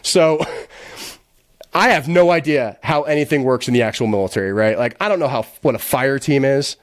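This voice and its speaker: A man guest on a podcast, telling a story in a casual, animated, profane way, laughing often and rambling with lots of "like". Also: mid-range voice, no room sound, studio quality. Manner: quick, rambling, heavy use of filler "like".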